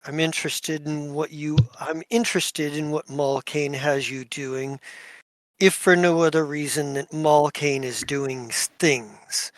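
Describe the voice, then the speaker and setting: A man voicing an imperious, commanding male duke who speaks formally and slowly. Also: fairly high pitch, fairly even intonation, dry recording, close to an everyday voice. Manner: formal, pronouncing judgment slowly.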